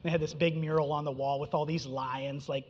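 Preacher with conversational "right?" asides. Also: male voice, on the high side, flat delivery, brisk, darkish tone. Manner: conversational, frequent "right?" and "okay?" check-ins. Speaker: pastor. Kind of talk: sermon. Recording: dull sound with long reverb in a hall.

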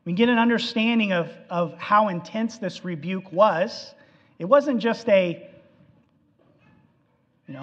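A man preaching a sermon, animated and acting out the quotes, in an echoey hall on a dull, lo-fi recording. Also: high voice, normal speed.

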